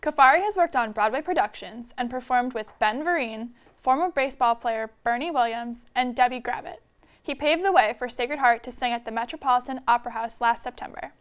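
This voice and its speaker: Young female anchor, higher pitch, clean scripted read. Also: brisk. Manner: even, read-aloud delivery. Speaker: news anchor. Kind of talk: scripted news reading.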